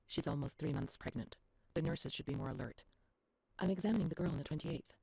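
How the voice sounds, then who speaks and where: A low, gravelly haunted young woman. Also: warm tone, no room sound, full character voice. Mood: uneasy. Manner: measured, uneasy reading. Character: troubled young woman reading asylum records. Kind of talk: hushed game narration. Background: game music.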